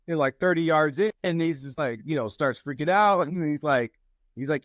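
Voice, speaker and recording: A man sharing encouragement and telling a story in a casual group call, lively when he quotes people. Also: a little high, a little fast, no room sound. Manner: storytelling, animated when quoting others. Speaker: mastermind group member.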